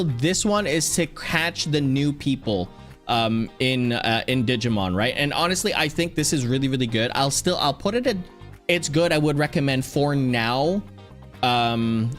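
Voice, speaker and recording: A man's voice: a little high, a bit bright. A man streamer chatting casually and rambling, often restarting his sentences. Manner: rambling, with many restarts and fillers. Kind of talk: casual chat.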